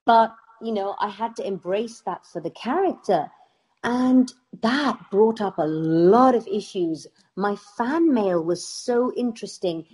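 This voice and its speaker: A middle-aged British woman, an actress, telling stories in a casual interview with lively laughter. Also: mid-range voice, a little slow. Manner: animated storytelling with laughs. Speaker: actress guest.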